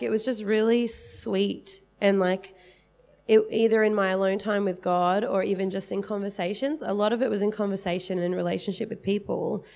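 A woman's voice: medium pitch, gravelly, a little mellow. A woman in her thirties giving a casual, rambling testimony in church, with many fillers.

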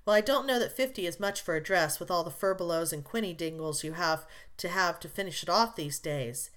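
Patient, hard-working young husband, put on by a woman narrator; dry, good-humored, lowered and slow. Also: fairly bright tone, natural voice.

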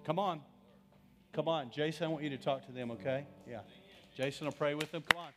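A man's voice: a little high, brisk, over loud music. Earnest male pastor leading an altar call. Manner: earnest, pleading repetition. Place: large church with bleachers.

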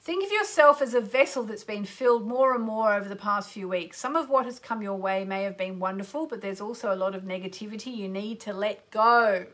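A woman hosts a live call-in radio show about astrology and card readings, talking fairly quickly with hardly any pauses in a slightly bright voice. She gushes, greets listeners by name, and erupts into exclamations with sudden pitch rises.

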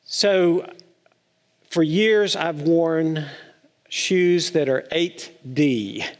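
A man's voice: fairly high pitch, drawn-out words, in a large hall. A man preaching a chatty, playful sermon to his congregation, telling stories with a light touch. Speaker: pastor. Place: church sanctuary.

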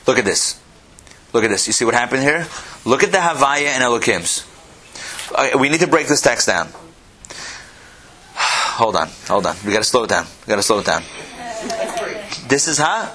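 A man teaching a Torah class, animated, repeating phrases and asking his listeners questions. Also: mid-range voice, normal speed, pauses often.

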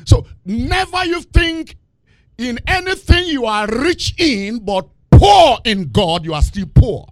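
A male preacher giving a lively sermon, asking the congregation questions and laughing between points. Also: extremely high pitch, slow, dry recording, clean studio sound. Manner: animated, call-and-response questions, laughing asides.

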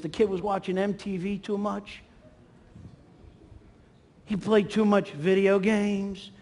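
Animated preacher man, echoing hall. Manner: animated, acts out quotes with swings in pitch and volume. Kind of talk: sermon. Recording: long hall reverb.

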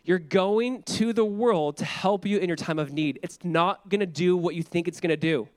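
A young man preaching with a high, light voice. He talks casually and lively, acting out the people in his text. The sound is close and dry, with no room echo. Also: moderate pace. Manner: conversational, animated, acts out quotes. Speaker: pastor. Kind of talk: sermon.

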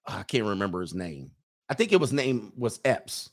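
A man's voice: fairly low pitch, very animated, moderate pace. A man hosting a livestream in casual chat, reading viewer comments aloud, rambling and chuckling as he loses his train of thought.

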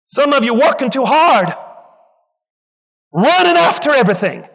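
A man's voice: very high voice, lively intonation, moderate pace, gravelly, long pauses, fairly bright tone. A man preaching a sermon with passion, driving points home through rhythmic repetition and calling out to the congregation. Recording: long reverb in a large hall.

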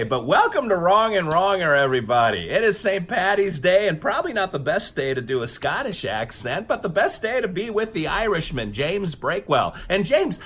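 A man co-hosting a comedy debate show, loud and excitable, a little tipsy as he jokes around. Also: a little high, slightly rough. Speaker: podcast co-host. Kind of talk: comedic banter.

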